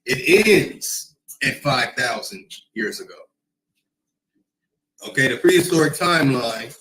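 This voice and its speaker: A man's voice: mid-range voice, animated, takes it slowly, sharp tone, a little hiss or hum, low-quality recording. A man hosting a casual livestream, talking in a rambling, emphatic way, often repeating himself and reading comments from the chat. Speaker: livestream host.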